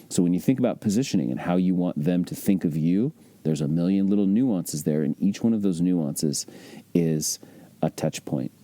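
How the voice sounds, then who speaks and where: A man's voice: low voice, warm tone, no room sound. A man teaching real estate investing in a conversational, emphatic way, often asking rhetorical questions. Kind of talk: instructional podcast talk.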